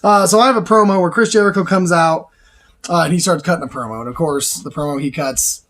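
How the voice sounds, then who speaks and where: A man hosting a casual chat, excitable and rambling, laughing often and restarting his sentences. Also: a little high, fast. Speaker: show host.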